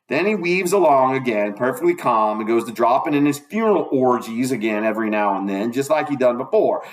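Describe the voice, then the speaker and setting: A man narrates a novel aloud in a folksy, conversational manner. His voice sits at an ordinary middle pitch. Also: animated, a little fast, hardly any pauses, poor audio. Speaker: audiobook reader.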